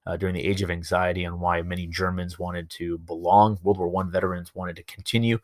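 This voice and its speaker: A man teaching history over slides in a relaxed, storytelling way, with many fillers and asides. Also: deep voice, brisk, no echo, studio quality. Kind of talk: recorded lecture over slides.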